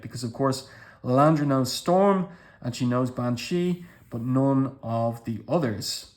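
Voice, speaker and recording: A man's voice: medium pitch, unhurried. A man giving casual commentary as he walks through comic book pages panel by panel, with appreciative remarks.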